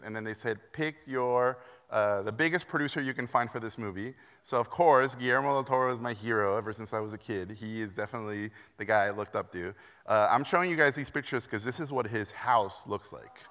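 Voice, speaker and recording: Animated man with a bright voice. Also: medium pitch, fairly quick, clear, resonant tone. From Mexico. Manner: animated, self-deprecating, acts out quoted voices. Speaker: keynote speaker. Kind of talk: conference keynote storytelling. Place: conference hall. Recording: long reverb of a large hall.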